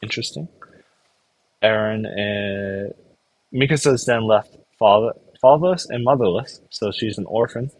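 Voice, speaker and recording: With a fairly low voice, this young anime reviewer rambles through a casual recap of a show, slipping into quick put-on voices to act out the characters. The recording is rough, with no room sound.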